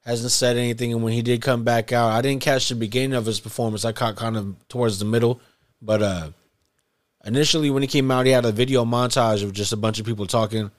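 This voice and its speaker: A man's voice: medium pitch, fairly even intonation, quick pace. A man hosting a casual hip hop podcast chat, talking in a loose, laid-back way and swearing freely.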